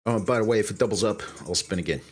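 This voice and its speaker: A man's voice: lowish voice, slightly rough. A man hosting his own live stream in casual chat, loose and profane as he talks straight to his viewers. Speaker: streamer and show host.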